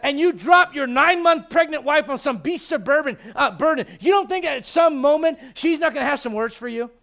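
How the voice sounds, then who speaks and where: A middle-aged male pastor preaching a sermon in an animated, joking way. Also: very high voice, a little fast, gravelly. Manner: animated, joking, acts out quoted voices.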